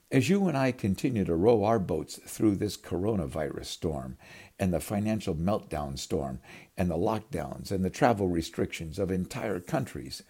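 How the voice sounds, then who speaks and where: A man's voice: low voice, vocal fry, mellow, breathy edge. A man preaching a storytelling sermon, acting out the scenes and calling his listeners his friends. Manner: dramatic storytelling, acting out voices.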